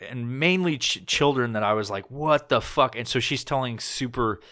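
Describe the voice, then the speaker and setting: A man on a podcast recounts a story in a rambling, foul-mouthed way, full of fillers and restarts. His voice is bright and forward, sitting at an ordinary male pitch. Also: normal speed. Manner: rambling, profane, loose storytelling with many fillers. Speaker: podcast host. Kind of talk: casual storytelling chat.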